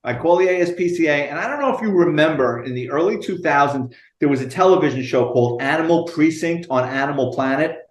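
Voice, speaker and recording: A retired police detective, telling profane, animated stories in an interview. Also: male voice, on the high side, fast, few pauses, echoey room. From United States. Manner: animated, profane storyteller acting out dialogue. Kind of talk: storytelling interview.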